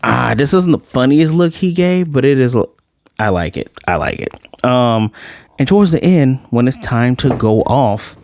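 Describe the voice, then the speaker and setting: A man giving a casual anime episode review. He retells scenes in an animated way, using "like" a lot and often restarting his sentences. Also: medium pitch, unhurried, no room sound.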